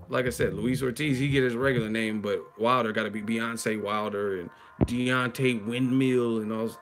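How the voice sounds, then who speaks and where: A grown man streaming live, ranting bluntly and profanely about boxing, with mocking asides in a high sneering voice. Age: adult. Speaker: boxing commentary livestreamer. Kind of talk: casual livestream rant.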